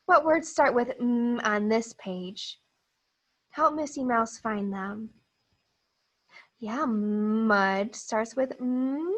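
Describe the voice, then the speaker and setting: A female teacher reads a picture book aloud to young children during a phonics lesson, sounding out letters slowly, with exaggerated, encouraging modeling. Her pitch sits fairly high, and the audio quality is poor.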